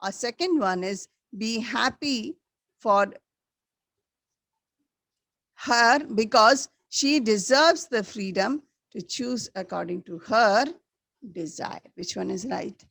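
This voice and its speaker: A woman teaching a school class, slowly repeating the key words for her students. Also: fairly high pitch, gravelly, a bit bright, dry recording. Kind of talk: classroom lesson.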